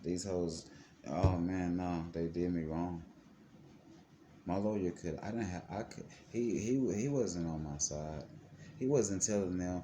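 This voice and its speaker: A man's voice: normal speed, dark tone. Heated, profane man telling his story. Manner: heated, profane and emphatic, with wide pitch swings. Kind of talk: casual storytelling to camera. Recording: clear background noise.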